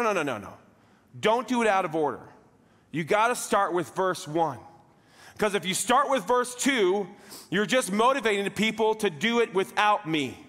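Pastor guy preaching, kinda high voice, jokey, acts out the little stories, big church echo. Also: fairly bright tone. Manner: conversational and joking, acting out little scenes in quoted voices. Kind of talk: sermon. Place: church sanctuary.

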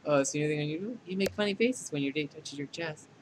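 A man's voice: fast talker, a little hiss or hum, close to an everyday voice, poor audio. A man voicing a smug female AI program. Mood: confiding. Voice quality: mocking, clinical put-downs. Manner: deadpan scolding that tips into shrill outbursts. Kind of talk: fan dub of a dating game.

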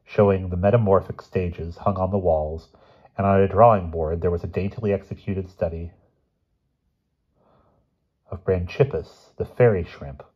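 Low husky man reading a story. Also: fairly even intonation, moderate pace, long pauses, muffled recording. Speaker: audiobook reader. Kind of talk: reading a short story aloud.

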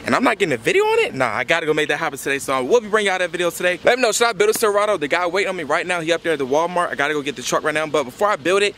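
A young man, talking fast and casually to the camera as a truck vlogger. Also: fairly high pitch, big pitch swings, fairly bright tone. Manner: fast-talking, says y'all a lot. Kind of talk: casual vlog talk to camera.

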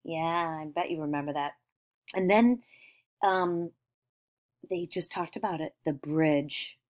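A woman teacher leads young children through retelling a familiar story. She speaks slowly and warmly, prompting them with questions and praising their answers. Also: deep voice. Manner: slow, encouraging questions.

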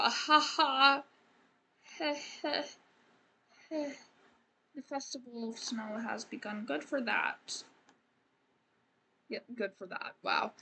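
A woman's voice: a little high, pushed and bright. A woman streamer giving casual gameplay commentary, rambling and joking as she talks to the game characters.

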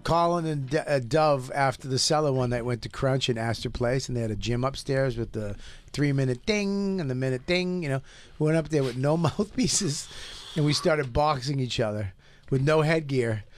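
A man, a podcast guest telling animated stories and acting out the quotes. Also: mid-range voice, moderate pace. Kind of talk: casual chat, storytelling.

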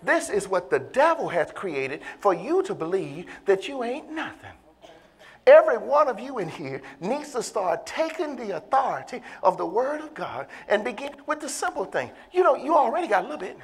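A bishop preaching a sermon to a congregation, moving from low, casual talk to loud, impassioned calls and laughing between lines. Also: sing-song, normal speed, breathy edge. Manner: casual vernacular grammar.

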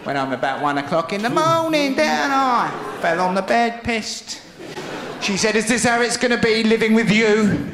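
A man's voice: high voice, expressive, moderate pace, background noise. A man doing live stand-up storytelling, cheekily acting out his own drunk self-talk. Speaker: stand-up comedian. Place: live comedy venue, played from archive. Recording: roomy live venue with loud crowd laughter.

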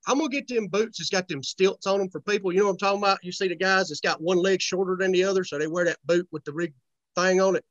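A man's voice: high voice, fast talker, fairly bright tone, no room sound, dull audio. A young man, chatting as a comedy guest in a laid-back, joking, folksy way. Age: young adult. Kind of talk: casual podcast chat.

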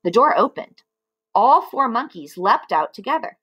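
A woman reading a children's book aloud, expressive and with chatty asides to her listeners. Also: a little high, normal speed, slightly rough. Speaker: storybook reader.

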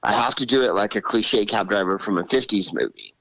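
Low-voiced man telling stories, very dry sound. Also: a little fast, creaky, no room sound, low-quality recording. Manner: animated, drops into character voices. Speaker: guest comedian. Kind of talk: storytelling interview.

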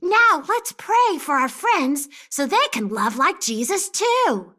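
A cheerful young boy character, played by a woman, leads a children's church lesson. His voice sits high and bright and swoops widely, and he speaks slowly and clearly for little listeners. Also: sing-song, full character voice. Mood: upbeat. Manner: bright, bouncy, encouraging questions. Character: cheerful young male character named Shine.

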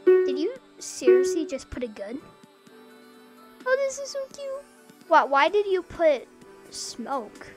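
A woman casually commenting as she plays a video game, hesitant with frequent ums and bursts of excited squealing. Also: sits high, takes it slowly, long pauses, music in the background. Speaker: gamer.

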